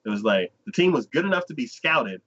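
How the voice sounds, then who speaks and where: A man's voice: medium pitch, sing-song, fairly quick, sharp tone. Chatty guy rambling about anime, laughs a lot, very up-and-down voice, muffled podcast mic. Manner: rambling retelling, laughing often. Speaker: podcast host. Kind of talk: casual anime review chat. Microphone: desk podcast mic.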